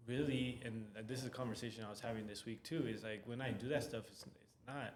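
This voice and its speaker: A man co-hosting a podcast in relaxed, casual chat, often tagging his sentences with "right?". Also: mid-range voice, brisk, echoey room, slight background noise. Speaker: podcast co-host, realtor.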